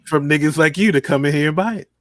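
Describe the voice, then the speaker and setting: A man's voice: on the high side, fast talker, no room sound, studio quality. A man co-hosting a podcast, trading teasing, laughing banter in casual chat. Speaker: podcast co-host.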